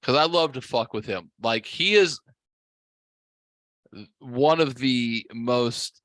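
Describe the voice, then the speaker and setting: A tipsy man hosting a podcast tells a rambling, foul-mouthed story. His voice is mid-pitched and sits close to the mic, dry and without room sound. When he gets worked up, it shoots high. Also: slow, no echo. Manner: profane, rambling, voice jumps high when excited. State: tipsy from drinking. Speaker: podcast host. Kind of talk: casual storytelling.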